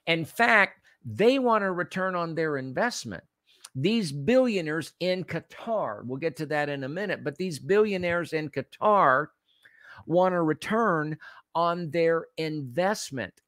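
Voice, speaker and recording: A man's voice: on the high side, lively intonation, a little slow, fairly bright tone, no room sound. A man hosting a political commentary show, speaking in a heated, emphatic way and repeating phrases for effect.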